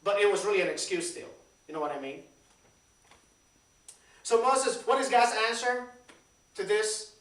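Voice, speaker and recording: Pastor preaching in an echoey church. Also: male voice, sits high, normal speed, pauses often. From Puerto Rico. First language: Spanish. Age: 30s. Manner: lively, repeats words, questions the congregation. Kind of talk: conversational sermon. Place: church sanctuary. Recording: echoey church, distant mic.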